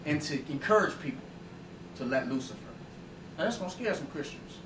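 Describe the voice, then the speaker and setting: A man with a slightly raised, somewhat high voice delivers an emphatic, profane informal lecture at a fairly quick clip, his intonation lively as he keeps tossing out rhetorical questions. He's recorded from a distance, set back from the mic, so his voice rings around a roomy, reverberant space with a faint hum underneath.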